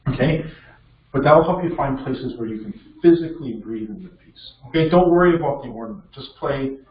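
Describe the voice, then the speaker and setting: A man's voice: medium pitch, animated, a little fast. A man coaching a piano student in a masterclass, encouraging and checking in often with "okay?". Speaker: piano teacher leading a masterclass. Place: music studio indoors with a piano. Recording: distant, roomy and dull with piano behind.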